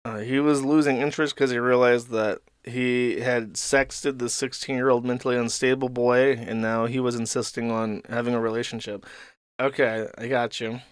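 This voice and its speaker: A man's voice: medium pitch, steady tone, moderate pace, clean tone, dry recording, studio quality. A man hosting a live stream, reading out messages and cutting in with crude, sarcastic asides. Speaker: streamer host.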